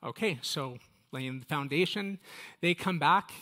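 Bright-voiced, chatty Bible teacher man. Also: on the high side, measured pace. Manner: conversational, chatty, addresses listeners directly. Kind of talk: casual Bible study teaching.

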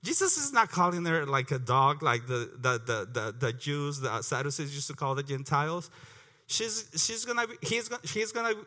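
A man leading a prayer and then teaching a Bible passage, earnest and repeating words as he goes, clearing his throat often. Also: a little high, expressive, moderate pace, bright, forceful tone. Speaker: preacher.

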